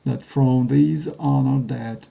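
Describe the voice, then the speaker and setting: Man playing a male guide declaiming a grand speech solemnly, gravelly dark voice. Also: medium pitch, steady tone, slow pace, rough recording. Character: male guide reciting a famous old speech.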